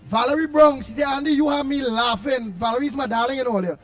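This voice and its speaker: A man with a Trinidadian accent hosting a call-in talk show, reading out listener comments in an animated way and bursting into shouts. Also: extremely high pitch, fast, slight background noise. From Trinidad and Tobago. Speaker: radio talk show host.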